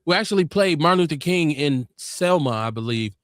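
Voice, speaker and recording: A man hosting a podcast, telling stories and arguing his points in an animated, emphatic way. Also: a little high, brisk. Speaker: podcast host. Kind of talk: casual debate talk.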